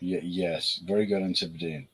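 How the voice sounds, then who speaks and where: Man, husky, lowish voice, casual rambling chat, fillers. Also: fairly even intonation, normal speed, a bit bright, poor audio. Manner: rambling, hesitant, many fillers and restarts. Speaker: beer reviewer co-host.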